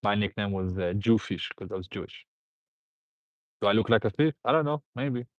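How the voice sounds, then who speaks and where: A man's voice: fairly low pitch, expressive, moderate pace, dry recording. A man hosting a live stream, rambling through viewer comments, laughing and repeating himself. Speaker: host. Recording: dull, dry lo-fi sound.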